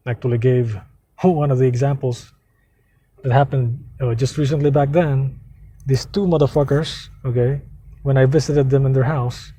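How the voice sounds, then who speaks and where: A man ranting in a rambling, heavily profane way from the seat of his parked car. His voice is mellow and warm in tone but husky around the edges. He keeps circling back, restarting, and swearing as he tells his story. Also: medium pitch. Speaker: vlogger. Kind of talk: casual ranting monologue.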